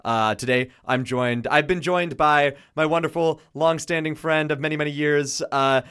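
A man's voice: fairly high pitch, fairly even intonation, moderate pace, fairly bright tone, clean tone. A man hosting a casual campus radio chat show from a studio, playful and laughing often. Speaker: radio host.

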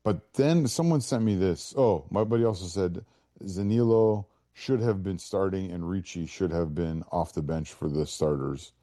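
A man's voice: deep voice, normal speed, warm tone, no echo, studio quality. A man hosting a casual football chat, rambling and restarting as he reads from his notes. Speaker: host.

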